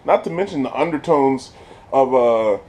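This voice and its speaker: A man gives a casual, spoiler-filled review of a TV episode in a medium-pitched voice at a moderate pace. Slangy and excited, he laughs often while retelling scenes.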